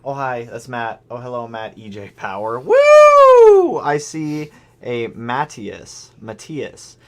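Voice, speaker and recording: A man hosting a car livestream, chatting casually and excitedly calling out viewers' names. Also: mid-range voice, takes it slowly. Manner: excitable, shouts out chat names. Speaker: car channel host.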